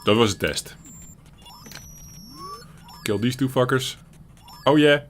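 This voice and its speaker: A man's voice: medium pitch, slow pace, slight background noise. A man with a Dutch accent from the Netherlands, rambling chattily as he comments on a game he is playing. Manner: chatty and rambling, chuckling often, with frequent restarts. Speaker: retro gaming channel host. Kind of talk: casual gameplay commentary.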